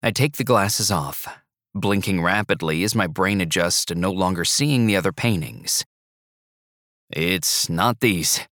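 A man narrating an audiobook in the first person, with a measured, even storytelling delivery. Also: low voice, no room sound, studio quality.

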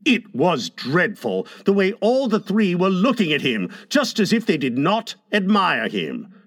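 A man narrating a classic children's story in a measured, expressive way. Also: sits high.

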